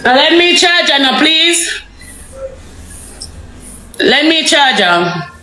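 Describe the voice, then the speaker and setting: A woman's voice: high-pitched, sing-song, takes it slowly, pushed and bright, a little hiss or hum. A woman with a Jamaican accent ranting to viewers on a livestream. She repeats herself and keeps asking rhetorical questions. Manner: heated, repetitive, rhetorical questions. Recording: echoey room, faint music.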